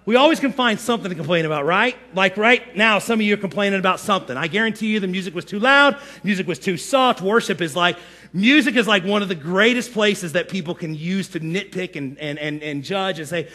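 A man preaching a sermon to his congregation, animated, acting out whiny complaints in quoted voices. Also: high-pitched, fast talker. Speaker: pastor.

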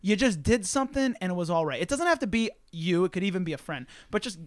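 Tipsy, high-voiced man hosting a podcast. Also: fast talker, no room sound, studio quality. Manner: laughing, swearing, animated storytelling. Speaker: podcast host. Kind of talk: casual podcast chat.

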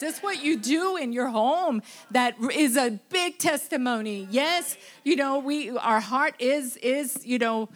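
A woman giving a tearful, halting testimony in church, full of restarts and fillers. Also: sits high. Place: church sanctuary.

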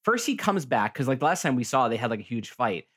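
A man's voice: mid-range voice, big pitch swings, quick pace, fairly bright tone, breathy edge. A man co-hosting a podcast, chatting casually about a TV series, rambling with many restarts and acting out lines. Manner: rambling, restarts often, acts out quotes. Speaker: podcast co-host. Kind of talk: casual chat reviewing a TV show.

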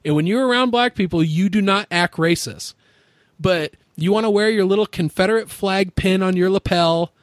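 A man's voice: high-pitched, moderate pace, no echo. A man hosting a podcast, telling stories frankly in casual chat and swearing freely.

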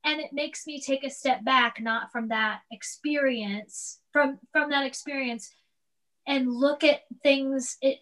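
A woman in her thirties with a high voice talks in a loose, rambling way. She restarts sentences and piles on fillers, animated as she chats casually about family life. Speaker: guest, mother. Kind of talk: casual chat.

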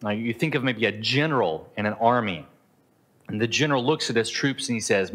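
A man's voice: fairly low pitch, lively intonation, moderate pace, a bit bright. A middle-aged man preaching a sermon in an earnest, conversational way, now and then acting out the inner voices of his listeners. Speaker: pastor. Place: Southeast Asia.

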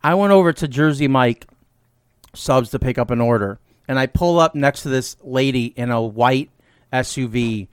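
A man co-hosting a podcast, telling a story in casual chat with animated, incredulous delivery. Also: medium pitch, moderate pace, clear, resonant tone, dry recording, studio quality. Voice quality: redhead self-described. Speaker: podcast co-host.

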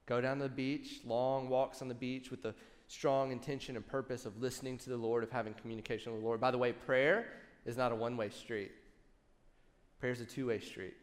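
A worship pastor in his thirties preaching a sermon, telling a personal story with lively asides to the congregation. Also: mid-range voice, brisk, in a large hall. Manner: animated storytelling with audience asides.

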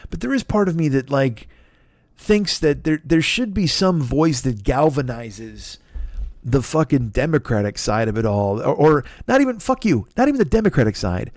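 A man's voice: no room sound, studio quality. A man, the host, delivering a heated, profane comedic political rant. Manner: heated, profane, sweeping swings in pitch.

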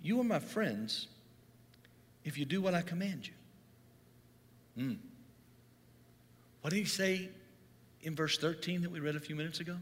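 A man's voice: on the high side, moderate pace, long pauses, a bit bright. A middle-aged man preaching a sermon, telling a story in an earnest way that builds in intensity. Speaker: pastor. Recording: long hall reverb.

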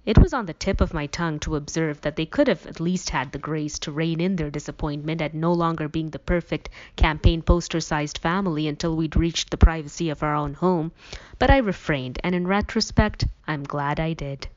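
A woman reading a novel aloud as an audiobook reader, in a plain, even storytelling manner. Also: low-pitched, normal speed. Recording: dull lo-fi recording.

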